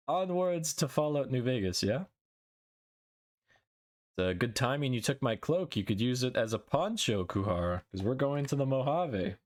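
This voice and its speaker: A man's voice: mid-range voice, sing-song, moderate pace, pauses often. A young man streaming as a VTuber, chatting with viewers and reciting his own poetry in a dramatic way. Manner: dramatic recitation, then playful chat with silly noises. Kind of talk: casual stream chat and poetry reading.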